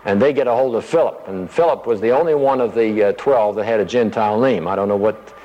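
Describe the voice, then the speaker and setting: A man's voice: fairly low pitch, fast talker, mellow, long reverb tail, muffled recording. A man giving a conversational Bible teaching, thinking aloud as he explains the passage and acting out the quoted lines.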